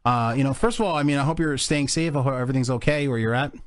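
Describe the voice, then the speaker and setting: A man's voice: mid-range voice, quick pace, no room sound. A man hosting a casual podcast, rambling with fillers and laughing a lot. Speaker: podcast host.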